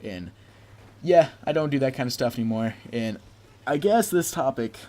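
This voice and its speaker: A man's voice: mid-range voice, animated, moderate pace, warm tone. A young man telling a rambling personal story to his viewers in a casual, offhand way. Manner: rambling, quotes people with "I'm just like". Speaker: vlogger.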